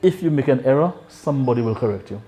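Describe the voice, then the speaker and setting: A man giving calm advice. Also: medium pitch, quick pace. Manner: calm, advising.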